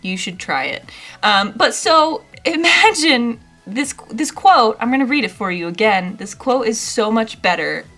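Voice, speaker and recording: A young woman chats about a book in a relaxed, rambling way. Her voice is bright and forward, with ums filling the gaps. Soft music plays faintly behind her. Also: a little high, unhurried. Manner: chatty, rambling, with frequent ums. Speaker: book reviewer. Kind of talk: casual chat.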